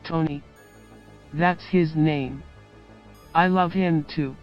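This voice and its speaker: A man on a live stream reading out an AI-written story in a plain, even manner. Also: fairly high pitch, slow pace, muffled recording, faint music behind. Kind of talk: reading story text aloud.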